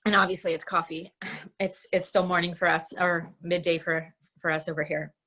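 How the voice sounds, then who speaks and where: Woman, middle-aged, lower register; candid personal talk, halting with restarts, home video call. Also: little pitch movement, bright, forceful tone. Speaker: guest speaker. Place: her home, indoors.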